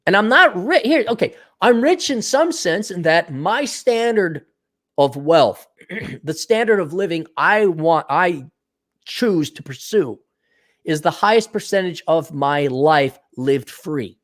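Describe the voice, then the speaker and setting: Solo podcast host, middle-aged male, freshly awake; sardonic, profane rant with an animated, rather high-pitched voice. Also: takes it slowly. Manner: blunt, profane, sardonic, laughs at own jokes. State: just woken up. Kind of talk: casual solo podcast rant, reading listener donations.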